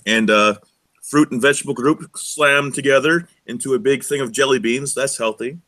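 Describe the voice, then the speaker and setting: A man's voice: mid-range voice, moderate pace, sharp tone. A young man co-hosting a casual live show, joking and rambling through a work story. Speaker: co-host. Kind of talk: casual podcast chat.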